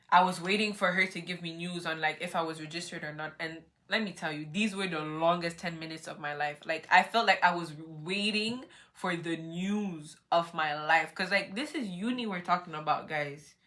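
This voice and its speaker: A lively young woman tells a casual story-time vlog with a fairly low, bright, forceful voice. She is animated and acts out her own reactions, with plenty of "like" and "you know what I mean." Her tone stays chatty and dramatic. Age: young adult. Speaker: vlogger.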